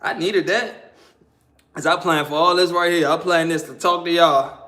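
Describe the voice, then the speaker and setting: A man telling a story in a casual, animated, slangy way, laughing often. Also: fairly high pitch, moderate pace.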